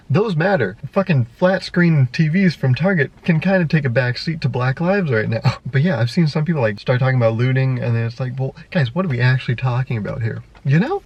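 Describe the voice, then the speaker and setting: A man's voice: mid-range voice, darkish tone, muffled recording. A young man vlogging in a rambling, exasperated way, laughing often and swearing freely. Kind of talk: casual unscripted monologue to camera.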